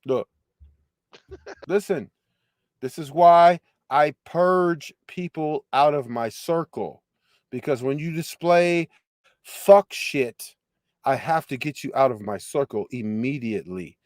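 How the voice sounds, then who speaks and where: High-voiced man, mocking and profane. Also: takes it slowly, a little mellow, no echo, studio quality. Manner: profane, mocking, repeats phrases for emphasis. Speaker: show host reacting to a clip. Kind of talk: casual reaction commentary.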